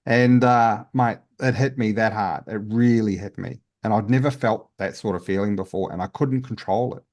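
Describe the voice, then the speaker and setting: A man's voice: fairly low pitch, moderate pace, darkish tone. A man, a guest healer, telling his story in a casual interview in an earnest, open way with many restarts.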